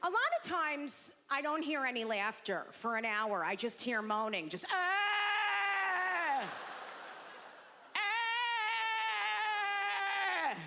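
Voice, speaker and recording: A brash woman comedian working a stage mic, her high, bright voice swinging widely in pitch. She tells jokes on herself with cheeky bluntness. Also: moderate pace, hardly any pauses, in a large hall. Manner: brash, self-deprecating, animated. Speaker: stand-up comedian. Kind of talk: stand-up comedy set.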